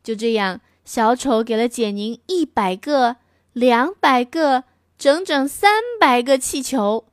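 A woman reading a picture book aloud in two languages as a storyteller, clear, gentle and expressive. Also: fairly high pitch, slow pace, no echo, studio quality.

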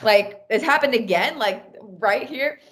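A woman's voice: fairly high pitch, a little slow. A woman telling a personal story in a casual podcast chat, with many "like" fillers. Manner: animated, talks with many "like" fillers.

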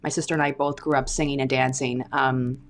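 A woman's voice: rumbling low, level tone, a little fast, a little hiss or hum. A woman from British Columbia, a guest actor chatting in an interview, talking freely with fillers and frequent laughs. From British Columbia, Canada. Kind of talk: casual interview chat.

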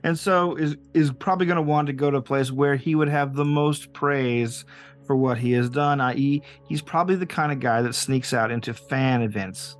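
A man's voice: mid-range voice, normal speed, soft background music. A man narrating as game master, hesitant and full of restarts. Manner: hesitant, many fillers and restarts.

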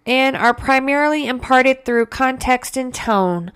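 A woman's voice: fairly high pitch, a little slow, few pauses, a bit bright, clear, resonant tone. A woman hosting a casual solo podcast, profane and sarcastic, drawing out mocking quotes. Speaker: podcast host.

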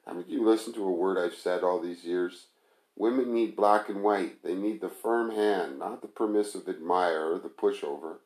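A man's voice: sits low, normal speed, a little mellow, roomy sound, lightly acted, low-quality recording. A man doing a scornful bossy chef. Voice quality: contemptuous, bossy and blunt. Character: scornful, brash male restaurant manager and chef.

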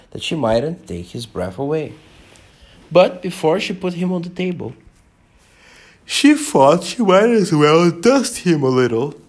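A man's voice: fairly high pitch, vocal fry. A man reading a children's story aloud in a casual way, with slips and small asides.

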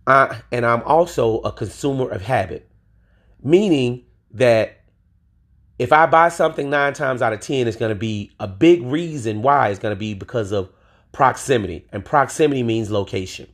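Husky, profane podcast ranter, a man. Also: mid-range voice, animated, moderate pace, a bit bright. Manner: emphatic and profane, swears freely; streetwise slang, addresses listeners directly. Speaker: podcast host. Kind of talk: solo podcast rant.

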